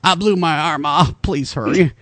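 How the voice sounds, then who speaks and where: A man's voice: fairly high pitch, normal speed, fairly bright tone, dry recording, lightly acted. A man voicing a shot Southern man in his sixties who blames squirrels, whiny and dramatic, with a put-on Southern accent. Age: 60s.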